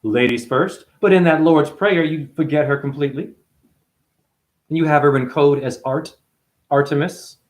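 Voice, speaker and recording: This man speaks at normal speed, a spiritual talker with chronic pain whose monologue rambles and free-associates. Swearing frequently, he alternates between shouting outbursts and quiet muttering.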